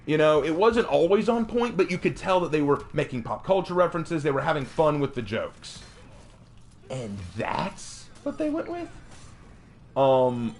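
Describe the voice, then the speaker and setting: A man streaming a game, ranting casually in an animated, mocking way, with frequent restarts and stammered repeats. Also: fairly high pitch, measured pace.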